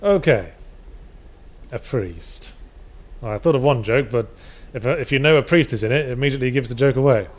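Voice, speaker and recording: A man chatting casually while playing a video game, telling jokes in a rambling, halting way full of restarts. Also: medium pitch, lively intonation. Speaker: co-host. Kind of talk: casual let's-play chat.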